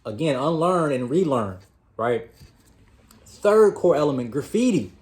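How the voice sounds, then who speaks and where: Speaking straight to his viewers as "y'all," this self-improvement channel host offers casual motivation, repeating words as he works out what to say. His slightly high, darkish voice is sing-song and a little slow.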